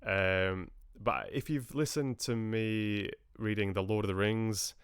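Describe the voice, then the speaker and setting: A man's voice: fairly low pitch, fairly even intonation, slow, clean tone, no room sound, clean studio sound. A man hosting a livestream, chatting casually with his viewers in a rambling, friendly way with frequent restarts. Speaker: livestream host and audiobook reader. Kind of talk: casual chat with live viewers.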